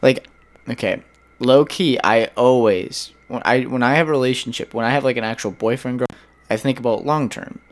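A man's voice: mid-range voice, moderate pace. A young man co-hosting a casual podcast, rambling and joking with lots of filler words. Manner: rambling, full of "like" and restarts, jokey. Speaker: podcast co-host. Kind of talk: casual chat.

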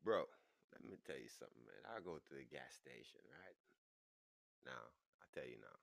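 New york dude on his podcast, deep but bright voice, laughing thru a crazy story, dry mic. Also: animated, normal speed, creaky, no room sound. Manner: laughs through the story, voice jumps high for quoted people. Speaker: podcast host. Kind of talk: animated storytelling.

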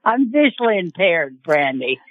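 A woman's voice: on the low side, sing-song, a little slow, no room sound. Woman caller on a tinny phone line. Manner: casual, inquisitive questions. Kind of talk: phone call to a radio show.

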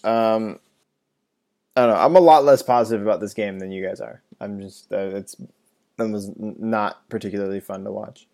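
A man's voice: lowish voice, normal speed, gravelly. A man in casual podcast chat, telling stories and mimicking other people's voices. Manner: animated storytelling, mimics others in raised voice. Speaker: podcast co-host.

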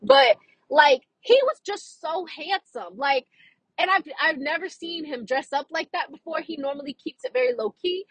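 A woman's voice: high voice, animated, moderate pace, a bit bright, no echo, poor audio. A young woman, chatting animatedly to camera, full of fillers and laughs. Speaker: vlogger. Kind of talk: casual chat to camera.

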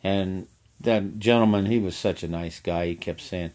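The older man's voice is low, a little mellow, and at normal speed. He guides horseback trail rides and rambles through a story in a folksy way, going back over the same phrases.

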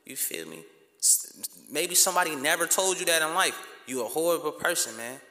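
A man's voice: on the high side, big pitch swings, brisk, sharp tone. A man hosting a podcast, delivering a blunt, impassioned rant full of street slang. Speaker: podcast host. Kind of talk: impassioned monologue. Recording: echoey room with long reverb.

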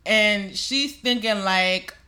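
Young female co-host, bright forceful tone, lively and profane storyteller. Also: mid-range voice, takes it slowly. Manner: animated storytelling, swears freely. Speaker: podcast co-host. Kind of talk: casual chat.

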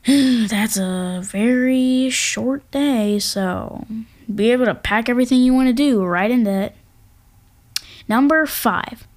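A woman hosting an astronomy talk, reading facts in a casual way and adding jokey asides into a home microphone. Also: a little high. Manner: playful, jokey asides, hums drum rolls. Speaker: podcast host. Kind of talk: casual educational narration.

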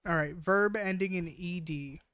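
A woman's voice: lowish voice, measured pace, a crowd in the background. A woman hosting a podcast in casual chat, joking and swearing freely as she runs a word game. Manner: joking, swears freely, laughs while reading. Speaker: podcast host.

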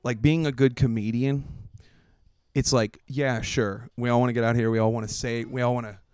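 A man's voice: medium pitch, flat delivery, fairly quick, a little mellow, smooth, no room sound, studio quality. A man who is a comedian, chatting casually on a podcast, thinking aloud in long winding sentences with fillers.

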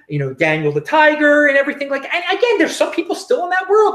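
A man's voice: very high voice, huge pitch swings, fast talker, few pauses, a bit bright. A man hosting his own cryptocurrency show, talking in a sarcastic, rambling way with frequent restarts and chuckles. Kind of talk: casual livestream commentary.

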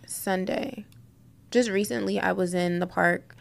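A woman's voice: medium pitch, a little slow, creaky. A woman podcast co-host, telling a story in casual chat and acting out what people said. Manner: storytelling, animated quoting of others.

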